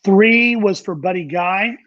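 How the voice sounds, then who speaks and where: A man's voice: high-pitched, a little slow, no room sound, muffled recording. A man who works as a recording engineer and producer, telling candid, profane studio anecdotes in a casual interview. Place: Nashville.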